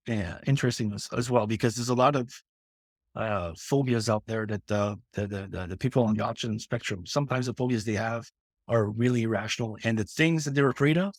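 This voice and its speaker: A man's voice: on the low side, no room sound. A middle-aged man from Canada, a guest author speaking earnestly in a casual interview, with many restarts and fillers.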